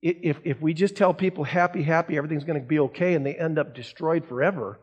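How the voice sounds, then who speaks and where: High-voiced pastor teaching a Bible class. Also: male voice, fast, slightly rough, muffled recording. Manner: asks the class rhetorical questions; reads scripture aloud. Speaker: pastor teaching adult Sunday school.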